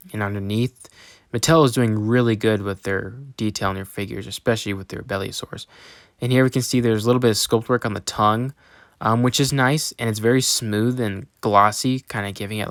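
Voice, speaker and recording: A man's voice: lowish voice, fairly bright tone, clean tone, no echo, clean studio sound. A young man hosting his own channel, reviewing a toy in a casual, enthusiastic way with lots of ums and restarts.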